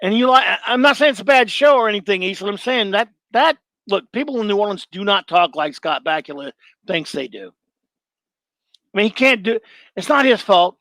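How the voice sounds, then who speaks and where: Higher-voiced middle-aged man, blunt. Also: lively intonation, a little fast, pushed and bright, no room sound. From Louisiana. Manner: blunt and opinionated, rambling with restarts. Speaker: show host. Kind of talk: casual live-show monologue, answering chat.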